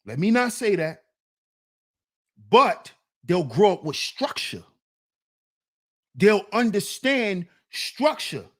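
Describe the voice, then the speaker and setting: A man's voice: sits high, sing-song, slow, long pauses, a bit bright. A man hosting a podcast, giving blunt, profane, preachy commentary on manhood. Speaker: podcast host. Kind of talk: casual commentary.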